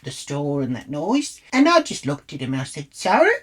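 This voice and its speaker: A woman's voice: deep voice, big pitch swings, normal speed, slightly rough. An Australian woman vlogger telling a rambling storytime anecdote, blunt and full of swearing. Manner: crude, rambling storyteller who swears freely. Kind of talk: storytime monologue.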